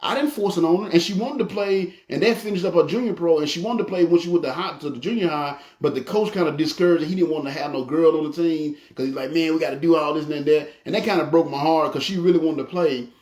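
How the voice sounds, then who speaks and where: Middle-aged preacher, higher voice, folksy storyteller, echoey room. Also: male voice, fast talker, hardly any pauses. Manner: folksy, animated storytelling with acted family quotes. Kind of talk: conversational sermon.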